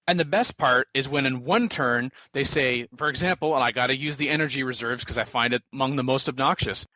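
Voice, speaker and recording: A man's voice: mid-range voice, fast, few pauses, bright, forceful tone, dry recording, low-quality recording. A man co-hosting a casual podcast panel, sarcastic and long-winded as he makes his points. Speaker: podcast host.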